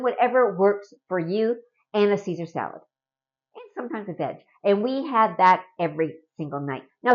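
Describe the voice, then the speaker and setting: A woman's voice: mid-range voice, lo-fi sound. A middle-aged woman from Canada talking casually and earnestly to camera in a home vlog, often adding a rhetorical "right?". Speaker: vlogger.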